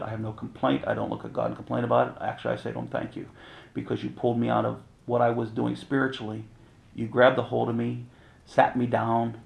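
A middle-aged man, a pastor, telling a personal testimony in a sermon with candid, animated storytelling and chuckles. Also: mid-range voice, gravelly. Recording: roomy reverberant sound.

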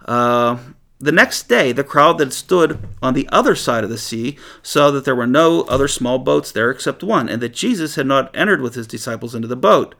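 A man with a gravelly, creaky voice at an ordinary middle pitch, teaching the Bible in a relaxed, conversational way. He reads verses aloud and breaks into lively asides and chuckles with his listeners. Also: moderate pace. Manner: conversational, animated, chuckles often.

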